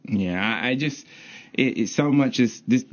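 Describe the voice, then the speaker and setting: A man's voice: mid-range voice, lively intonation, a little slow. A male sports radio host in a studio, leading the chat and reading station breaks in an upbeat way. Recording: dull lo-fi radio broadcast.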